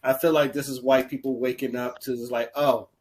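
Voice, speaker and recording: A man's voice: mid-range voice, flat delivery, a little fast, a little mellow, low-quality recording. Stammering, incredulous man on a podcast. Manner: laughing, stammering, incredulous ranting. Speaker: podcast co-host. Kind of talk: casual chat.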